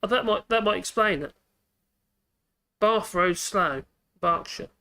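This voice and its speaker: Give me a workshop host in casual demo talk, rambling and thinking out loud. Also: medium pitch, takes it slowly, a little hiss or hum. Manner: chatty, rambling, thinks aloud with self-corrections. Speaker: woodworking channel host.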